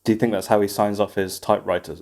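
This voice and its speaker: A man's voice: lowish voice, fairly even intonation, fast talker, darkish tone. A man co-hosting a podcast in casual, teasing chat, often breaking into laughter. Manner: giggly, teasing, rambling. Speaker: podcast co-host.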